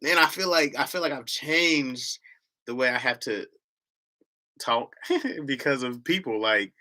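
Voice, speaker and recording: A man's voice: medium pitch, expressive, measured pace, sharp tone. A man with a Michigan accent hosting a livestream, chatting casually in a slangy, rambling way and laughing often. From Lansing, Michigan, US. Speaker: livestream host.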